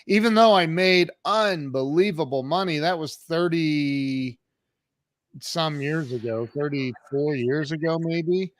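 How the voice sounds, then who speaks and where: A man in his fifties, a guest on a podcast, tells his life story in a lively, conversational way, with frequent restarts and fillers. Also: on the high side, takes it slowly, no echo, studio quality. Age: 50s.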